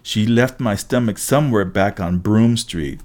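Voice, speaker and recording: A man's voice: fairly low pitch, unhurried, darkish tone. A man narrating a first-person story aloud, with occasional slips and restarts. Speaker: audiobook reader.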